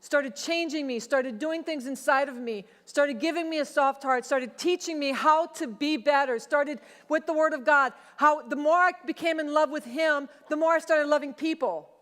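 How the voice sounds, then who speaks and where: Woman pastor, sermon, high voice, long church reverb, chatty testimony. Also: moderate pace, hardly any pauses. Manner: conversational personal testimony, animated retelling. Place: church sanctuary.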